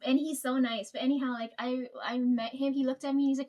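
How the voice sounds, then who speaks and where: Talking fast in a steady, darkish, high-sitting voice, a woman swaps stories about her job in a relaxed storytime chat. She laughs, curses, and fills her speech with verbal fillers.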